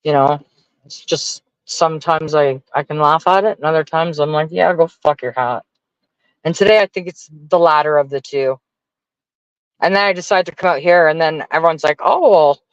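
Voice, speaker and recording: A fed-up man vents to his livestream chat, dropping curses and grumbling in a somewhat high voice. The sound is dry and close, with no room around it. The audio is a bit dull and lo-fi. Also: smooth, dry recording. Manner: profane, exasperated ranting. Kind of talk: casual venting to viewers.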